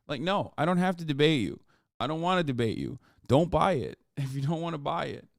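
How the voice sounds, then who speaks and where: A man's voice: mid-range voice, brisk, no room sound, clean studio sound. A man livestreaming and chatting casually. He sounds exasperated, swears often and reads chat comments aloud. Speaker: livestreamer selling merch.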